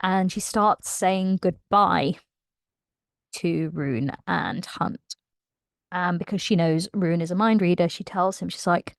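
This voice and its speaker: A woman excitedly recapping a novel in a casual, emotional way, laughing often. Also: fairly low pitch, slow pace, pauses often, no room sound, clean studio sound. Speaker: book channel host.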